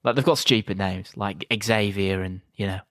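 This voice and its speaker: A man's voice: sits low, normal speed, a bit bright, no room sound. A man, co-hosting a casual film review podcast, dry and wry, acting out bits of scenes. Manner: dry, acts out scenes in silly voices. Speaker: podcast co-host.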